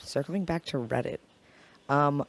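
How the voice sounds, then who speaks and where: A woman with a naturally raspy voice, a podcast guest talking in a loose, rambling, swearing way. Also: sits low, a little slow. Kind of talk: casual podcast chat.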